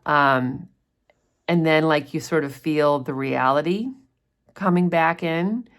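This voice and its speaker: A woman's voice: low voice, slow pace. A woman walking through a novel's chapters like a teacher, chatting and explaining with frequent ums. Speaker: literature teacher. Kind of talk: casual chapter summary lesson.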